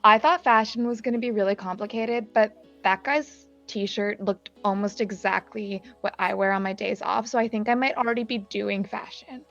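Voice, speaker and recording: A woman player at a tabletop game, joking in a playful, deadpan way with rambling restarts. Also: mid-range voice, moderate pace, gravelly, few pauses, highs cut off, faint music behind. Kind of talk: casual chat at a tabletop game.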